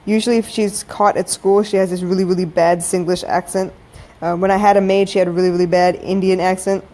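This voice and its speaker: A woman in her thirties talks casually into a phone for a late-night podcast. Her voice is mellow and dark-toned, and she speaks frankly and chattily, calling her listeners y'all. The sound is plain live audio with no production. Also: on the low side, flat delivery, quick pace. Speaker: podcast host. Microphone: phone-recorded live audio.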